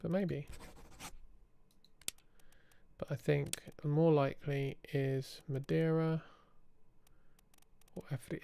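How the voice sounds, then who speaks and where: A man with a somewhat high, gravelly voice talks his way through a game, half to himself, working out clues and swearing now and then. Game music plays clearly underneath his voice. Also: flat delivery, takes it slowly, long pauses, warm tone. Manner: muttering deductions to himself, casual swearing. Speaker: let's play streamer. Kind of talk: thinking-aloud gameplay commentary.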